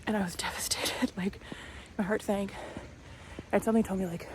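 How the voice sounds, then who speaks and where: A woman's voice: mid-range voice, steady tone, fairly quick, noisy background. Chatty woman vlogging on a walk. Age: 30s. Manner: chatty storytelling, acts out quoted voices. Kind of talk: casual walk-and-talk vlog. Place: outdoors on a walk.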